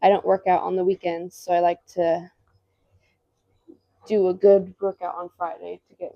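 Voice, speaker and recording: A woman's voice: lowish voice, flat delivery, moderate pace, pauses often, highs cut off. A woman vlogging casually as a busy mom, chatty and rambling with a self-deprecating streak. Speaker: vlogger and stay-at-home mom. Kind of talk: casual vlog chat.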